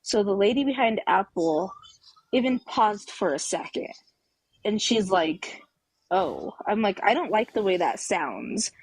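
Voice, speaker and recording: A woman's voice: mid-range voice, lively intonation, unhurried, breathy edge, no echo, poor audio. A woman caller on a live talk show telling a personal story emphatically, acting out the quoted dialogue. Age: adult with children.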